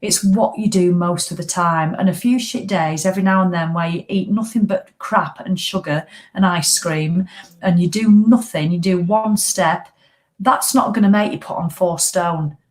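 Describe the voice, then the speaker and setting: A woman's voice: lowish voice, normal speed, darkish tone. Blunt, chatty middle-aged British woman. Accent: British English. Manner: blunt, chatty and motivational, with casual swearing. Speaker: fitness coach hosting a live walking group. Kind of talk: casual live-stream chat.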